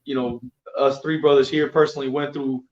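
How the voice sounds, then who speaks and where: A man recounts events in casual chat, halting and stringing his words together with fillers. The recording sounds roomy and dull. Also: medium pitch, little pitch movement, darkish tone. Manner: halting, many "you know" fillers. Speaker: religious group member. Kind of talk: casual storytelling.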